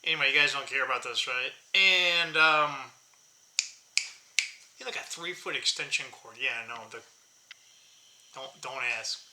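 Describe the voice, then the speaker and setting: A man's voice: medium pitch, measured pace, long pauses, bright, forceful tone, roomy sound, a little hiss or hum. A man in his early fifties talking casually to his viewers, rambling and joking at himself. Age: 50s. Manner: rambling, jokey, self-mocking, laughs often. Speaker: channel host. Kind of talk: casual vlog chat.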